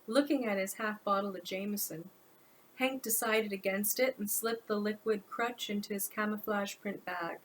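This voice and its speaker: A woman's voice: medium pitch, fairly even intonation, normal speed, slight background noise, poor audio. A woman author narrating her own audiobook in an informal storytelling manner.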